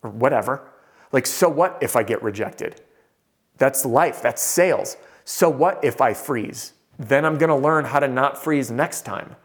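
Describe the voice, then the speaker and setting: A man giving a motivational talk as a sales coach, telling a story with animated delivery and shifting pace. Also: medium pitch, unhurried.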